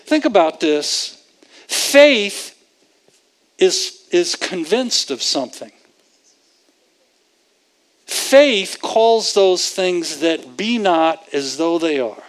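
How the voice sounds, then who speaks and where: A man with a notably high voice delivers a sermon at an unhurried pace. He hammers each point through repetition and rhetorical questions, and he chuckles at his own remarks. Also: expressive. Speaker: preacher.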